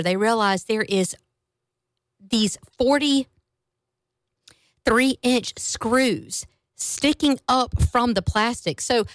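A woman radio host telling a story in a casual, animated and amused way from a studio. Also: on the high side, dry recording.

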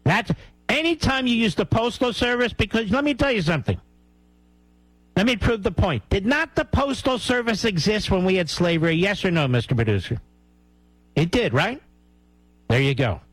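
A man's voice: sits high, lively intonation, moderate pace, no room sound, low-quality recording. A man hosting a talk radio show, giving heated, sarcastic and mocking commentary.

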